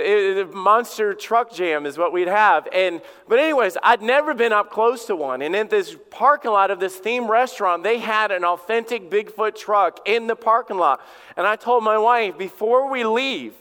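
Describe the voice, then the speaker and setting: Southern preacher guy, middle-aged, folksy storytelling, smooth clear voice pitched high, long hall echo. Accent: Southern American. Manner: folksy, storytelling, self-deprecating, animated bursts. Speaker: pastor. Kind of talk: sermon. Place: church sanctuary. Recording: long reverb of a big hall.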